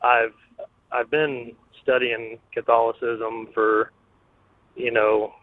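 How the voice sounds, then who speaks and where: A man's voice: mid-range voice, level tone, slow pace, no echo. A man calling into a radio show, speaking hesitantly and searching for his words. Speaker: caller. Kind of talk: phone-in question. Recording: tinny phone line.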